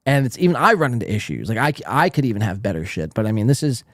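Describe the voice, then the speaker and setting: A man's voice: mid-range voice, big pitch swings, fast talker, a bit bright, no room sound, studio quality. A young man hosting a podcast in casual chat, brash, teasing and profane. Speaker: podcast host.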